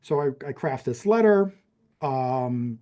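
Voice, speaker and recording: Speaking slowly in a medium pitch with a dark tone and lively intonation, a man in his fifties shares a personal story as a podcast guest. He's from New Mexico, USA, has a general American accent, and rambles conversationally, full of fillers and restarts.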